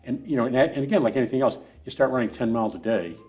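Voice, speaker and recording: Fast-talking middle-aged man telling stories. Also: medium pitch, expressive, a little mellow, faint music behind. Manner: rambling, many restarts and asides. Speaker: podcast guest, runner. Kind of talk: casual storytelling interview.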